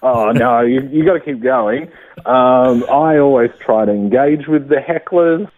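A man's voice: mid-range voice, a little slow. A man, a stand-up comedian, chatting casually in an interview, self-deprecating and laughing often. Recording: tinny phone-line sound.

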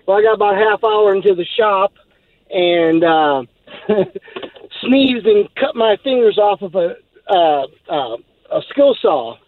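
A man's voice: sits high, expressive, unhurried. A male caller telling a long story on a radio show in a rambling, laughing way with many fillers, heard over a phone line. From Texas. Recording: tinny phone line, dry.

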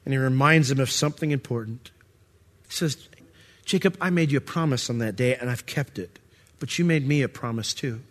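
A man's voice: medium pitch, big-room sound. A middle-aged male pastor preaching a sermon in a conversational way, acting out the voices of God and of ordinary listeners. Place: church sanctuary.

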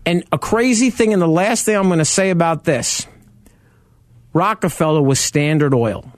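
A man's voice: a little high, moderate pace, no echo. A man co-hosting a radio show, telling car history in casual chat with enthusiasm. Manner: animated storyteller, tells car history with enthusiasm.

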